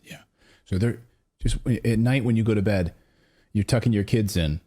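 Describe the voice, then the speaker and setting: An American man hosting a political commentary show in a sarcastic, animated, mocking manner. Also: on the low side, normal speed. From United States. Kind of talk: opinion commentary.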